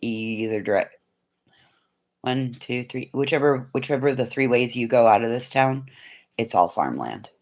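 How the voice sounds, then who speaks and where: A woman with a very deep, expressive voice talks at a measured pace to live viewers from her living room at home. The casual livestream chat is frank and rambling, and she swears freely.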